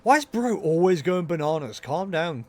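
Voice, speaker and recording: Very animated and on the high side, a young streamer's voice moves at a moderate pace with faint music behind. He offers casual, jokey gameplay commentary, laughing at himself and chatting with his viewers.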